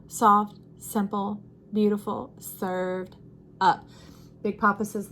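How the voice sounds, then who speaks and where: A woman's voice: mid-range voice, a little slow, slight background noise. A woman giving an intuitive tarot reading, speaking expressively and repeating phrases for emphasis. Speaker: tarot reader.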